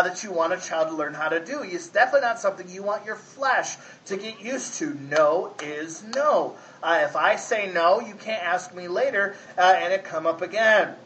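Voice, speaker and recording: This pastor has a high, sharp-toned voice in a low-quality recording with some hiss or hum. He preaches a folksy, conversational sermon, often asking the congregation "right?" to check they follow.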